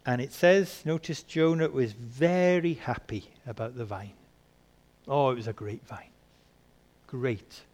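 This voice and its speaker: A man preaching a sermon, asking rhetorical questions and swinging between soft and emphatic delivery. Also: mid-range voice, unhurried.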